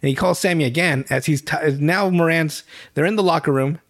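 Man, podcast host, casual recap, profane, rambling, slightly high voice. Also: brisk.

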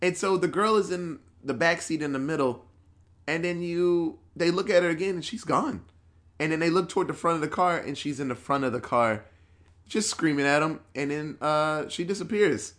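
A man's voice: on the high side, moderate pace, a bit bright. A man in a casual chat, recapping a horror movie in a rambling, profane way with lots of fillers.

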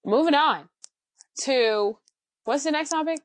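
High-voiced woman ranting animatedly. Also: a little slow, no room sound, rough recording. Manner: animated, ranting, uses lots of fillers. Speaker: podcast co-host. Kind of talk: casual chat.

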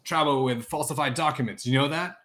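A man voicing a gruff, bullying city guard officer who sneers and accuses loudly. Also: fairly high pitch, brisk, voice pushed up, lightly acted. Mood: accusing.

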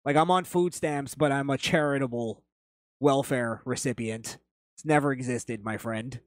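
A male podcast host speaks in a mid-range voice at normal speed, captured with studio quality and no room sound. Casual and blunt, he reads chat comments, tells meandering stories, and swears freely.

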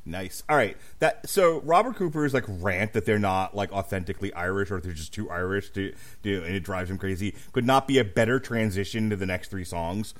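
A man's voice: sits low, fairly quick, few pauses. A man hosting a casual podcast chat, teasing his co-hosts, laughing often and swearing. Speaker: podcast host. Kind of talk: casual chat about an album.

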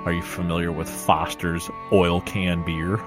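A man's voice: sits low, little pitch movement, a little slow, over music. A man from Minnesota hosting a podcast in casual, jokey chat. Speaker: podcast host.

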